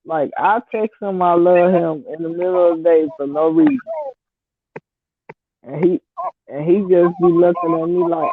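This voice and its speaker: Expressive and on the low side, a Detroit, Michigan vlogger in her thirties recounts a story at a moderate pace, blunt and laid-back, her Detroit accent tinged with Southern US. The dry, tinny phone-like recording has a noisy background.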